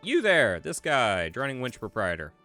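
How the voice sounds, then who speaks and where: A man voicing a gruff, brash tavern keeper in a swashbuckling British rogue accent, reading game dialogue. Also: mid-range voice, wildly swooping pitch, normal speed, sharp tone, dry recording, soft background music, pitched above the performer's own voice, heavily acted. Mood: boisterous.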